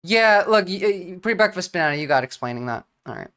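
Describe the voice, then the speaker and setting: A woman's voice: fairly low pitch, expressive, fairly bright tone. Blunt New woman streamer. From New Jersey. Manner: blunt, profane, talks fast in bursts with restarts. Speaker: livestream political commentator. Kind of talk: casual livestream commentary.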